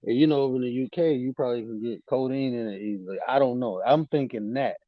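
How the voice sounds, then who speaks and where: A man telling a story in casual chat, animated and swearing, voice jumping up when he quotes people. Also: mid-range voice, fast talker, dry recording, narrow, tinny audio.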